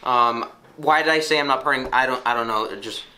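A man rambling off-script for a comedy sketch, halting with fillers and restarts. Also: mid-range voice, sharp tone. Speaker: comedy performer. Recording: echoey room.

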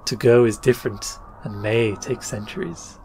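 A man voicing a mysterious young noblewoman falconer, speaking softly and wistfully in a raised voice in a storybook reading. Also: mid-range voice, animated, normal speed, a little hiss or hum, lightly acted. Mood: gentle, eerie.

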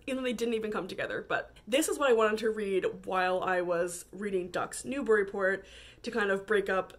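A woman from Canada chatting casually about books she bought, full of fillers and frequent laughter. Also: medium pitch. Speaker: book vlogger. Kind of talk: casual chat.

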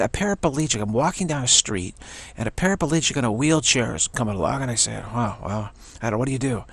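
A man giving a casual personal testimony, halting often and repeating words as he goes. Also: mid-range voice, vocal fry, fairly bright tone, slightly rough, no echo.

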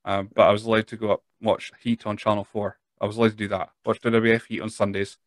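A man's voice: on the low side, little pitch movement, quick pace, no room sound, clean studio sound. Chatty Scottish man hosting a podcast. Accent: Scottish, Speyside. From northeast Scotland. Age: 30s. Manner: rambling, self-deprecating, frequent restarts. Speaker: podcast host. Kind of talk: casual interview chat.

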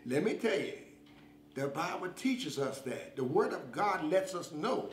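A man's voice: on the high side, big pitch swings, unhurried, a crowd in the background. A man preaching a sermon with fervent emphasis and repeated call-outs to his listeners. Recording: echoey room with music behind. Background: guitar music.

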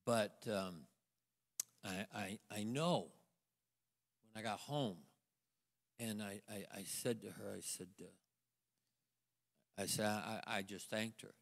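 A man's voice: fairly low pitch, gravelly. Man telling his story in a reverberant church. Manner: storytelling, halting restarts, acts out quoted voices. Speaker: guest minister. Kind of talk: sermon testimony to a congregation. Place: church sanctuary. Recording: long church hall reverb.

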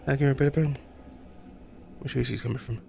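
Gravelly man voicing horror game commentary. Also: fairly even intonation, quick pace, a little mellow, slight background noise. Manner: swearing, talks to himself and the monster, squeals high when scared. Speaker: gaming streamer.

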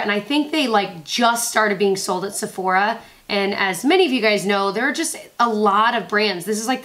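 A woman's voice: mid-range voice, a bit bright. A woman in her twenties chatting in a beauty vlog, bubbly and rambling, often interrupting herself with asides. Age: 20s. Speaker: beauty vlogger. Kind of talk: chatty makeup review vlog.

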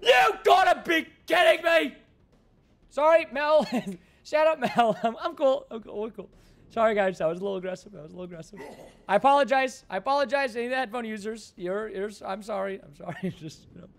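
Excitable high-voiced man streaming a game. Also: fast, creaky. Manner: excitable, shouts in frustration, jokey banter. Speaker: gaming livestreamer. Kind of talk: casual gaming livestream commentary.

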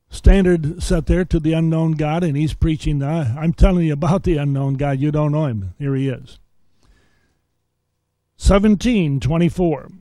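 A man teaches a Bible lesson in a preacher's cadence. He reads verses aloud and then explains them point by point. His voice sits a little high but sounds warm and mellow, and the recording is close and dry. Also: no room sound. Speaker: seminary teacher.

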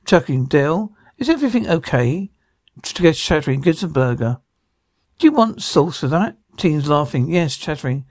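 A man's voice: on the high side, animated, moderate pace, a little mellow, no room sound, clean studio sound. A man reading every part of a drama aloud, sound cues included, with slips and restarts. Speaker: radio show reader voicing a TV drama.

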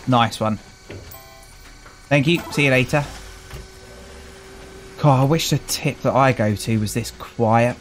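A British gaming channel host casually commentates a let's-play video, chatty and wry, greeting the characters he meets as he plays. His voice is mid-range at a measured pace with long pauses. Faint music plays behind him, and the recording is rough.

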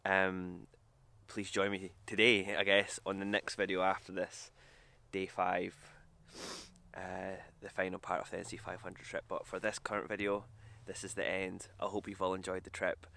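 A man's voice: low voice, completely flat delivery, moderate pace, vocal fry, pushed and bright. A man talking casually to camera on a travel vlog, chatty and self-deprecating, on a hiking trail outdoors. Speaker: vlogger.

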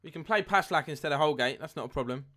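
A young man live-streaming a football game, chatting with viewers and getting excited at near misses. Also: on the high side, quick pace. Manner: chatty, reads chat aloud, excitable at goals. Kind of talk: live gameplay commentary and chat.

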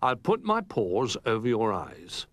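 A man voicing a small, eager young male teddy bear who shouts in a storybook reading. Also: on the low side, wildly swooping pitch, a little slow, no echo, studio quality, heavily acted. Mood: excited.

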